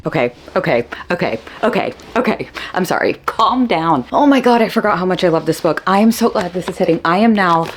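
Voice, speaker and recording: A woman's voice: lowish voice, quick pace, few pauses, faint music behind. Gushing young woman book vlogger. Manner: gushing, excitable, swears freely. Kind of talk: casual vlog chat.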